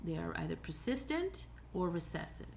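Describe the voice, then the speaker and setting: A woman's voice: lowish voice, sing-song, moderate pace, vocal fry, slight background noise. A woman giving a recorded tutorial lecture, explaining patiently step by step with occasional fillers and self-corrections. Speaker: teacher.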